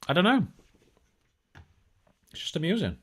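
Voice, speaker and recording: A man's voice: high-pitched, wildly swooping pitch, measured pace, fairly bright tone, breathy edge. A man hosting a casual tech live stream, chatty and joking, with lots of fillers and restarts. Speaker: tech show host.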